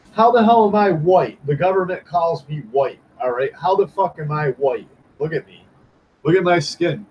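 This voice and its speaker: A man's voice: a little high, darkish tone, slight background noise, poor audio. Rambling, cursing man on a livestream. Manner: rambling, profane, with many restarts and fillers. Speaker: livestreaming comic artist. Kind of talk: casual livestream chat.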